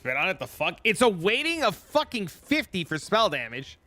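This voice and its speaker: A man's voice: high-pitched, big pitch swings, moderate pace, pushed and bright. A young man streaming a game, chatting casually and swearing as he answers chat. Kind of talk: casual live-stream commentary.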